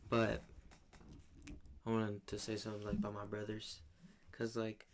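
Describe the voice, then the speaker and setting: A man's voice: on the low side, completely flat delivery, normal speed, noisy background. A young man co-hosting a podcast and telling a story in a slangy, profane, rambling way. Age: young adult. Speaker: podcast co-host. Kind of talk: casual storytelling chat.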